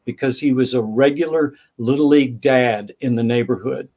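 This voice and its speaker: This interviewed author, an older man, talks fairly quickly in a medium-pitched, somewhat mellow voice. He gives thoughtful answers filled with stories, acting out the conversations he recalls.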